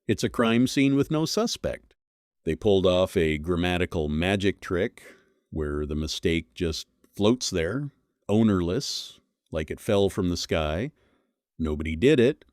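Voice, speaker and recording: A man's voice: sits low, a little mellow, no room sound, clean studio sound. A man delivering a scripted commentary monologue, blunt and scornful, leaning hard on single words. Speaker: commentary host.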